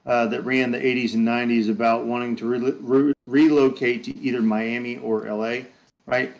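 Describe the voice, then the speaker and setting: A man with a middle-pitched voice talks through a sports movie with friends. He rambles and trips over himself, stopping to correct his facts mid-sentence. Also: level tone, normal speed, creaky, poor audio. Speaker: podcast co-host. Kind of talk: casual sports chat.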